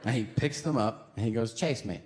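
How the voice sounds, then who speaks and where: A man in his thirties doing a stand-up comedy routine on a club stage, telling stories with lively acted-out voices and sudden yells. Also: mid-range voice, brisk, noisy background. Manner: animated storytelling, acts out voices, bursts into yelling. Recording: live club with loud crowd laughter.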